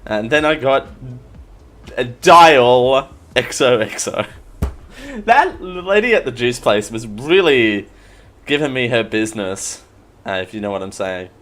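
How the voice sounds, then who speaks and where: A man's voice: medium pitch, lively intonation, measured pace, a bit bright, faint music behind. A man with an Australian accent, hosting a podcast and chatting casually, rambling and poking fun at himself with lots of restarts. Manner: rambling, self-mocking, many restarts. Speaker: podcast host. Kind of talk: casual live-show chat.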